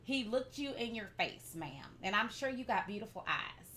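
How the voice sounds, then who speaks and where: Bright, emphatic woman love coach. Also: fairly high pitch, expressive, moderate pace, a little hiss or hum. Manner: emphatic, sassy, addresses listeners directly. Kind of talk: casual chat.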